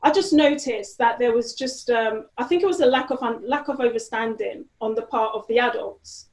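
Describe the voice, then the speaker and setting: A woman's voice: fairly high pitch, normal speed, darkish tone. A woman, a guest in an interview, talking casually with lots of fillers and restarts. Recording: roomy echo.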